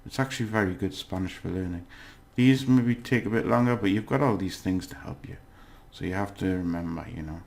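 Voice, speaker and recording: This very low, creaky-voiced man is a language teacher recapping a lesson in a relaxed, unscripted recording. He patiently checks in with the listener and pauses frequently to collect his thoughts.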